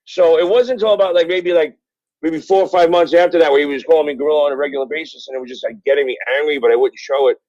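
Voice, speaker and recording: A middle-aged man tells stories in a rambling, profane way, full of "uh" and "like," at a slightly raised pitch. He is heard over a phone line, dull and muffled at the top end. The sound is dry, with no room around it. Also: rapid-fire, a little mellow, no echo. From Brooklyn, New York. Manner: rambling, profane storytelling with many fillers. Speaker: guest, author. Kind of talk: casual interview chat. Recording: dull phone-call audio.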